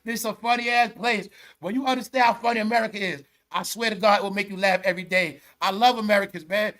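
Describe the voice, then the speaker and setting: A man's voice: sits high, fairly even intonation, fast talker, a bit bright. A man giving casual, profane vlog commentary and breaking into laughter often. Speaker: online commentator.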